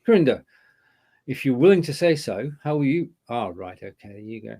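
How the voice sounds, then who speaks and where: A man co-hosting a casual stream chat, his voice gravelly with plenty of fry. He sits at a middle pitch and lays out his views in a measured way. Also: animated, dark tone. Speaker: co-host.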